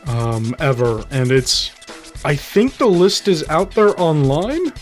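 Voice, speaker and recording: A man's voice: a little high, big pitch swings, slow pace, faint music behind. A man co-hosting a podcast in casual chat, offhand and wry. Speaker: podcast co-host.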